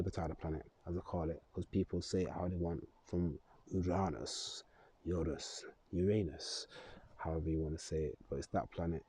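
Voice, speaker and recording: A man's voice: deep voice, warm tone, slight background noise. A man in a loose, rambling astrology vlog, chuckling and correcting himself as he goes. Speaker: astrology vlogger. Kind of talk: casual astrology talk to camera.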